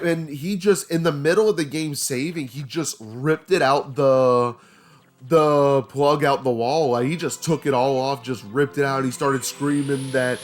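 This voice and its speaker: A man's voice: mid-range voice, a little slow. A young man with a slightly strained throat, rambling casually as he tells a story over gameplay. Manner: rambling storytelling with many fillers. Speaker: let's play host. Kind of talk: casual gaming commentary.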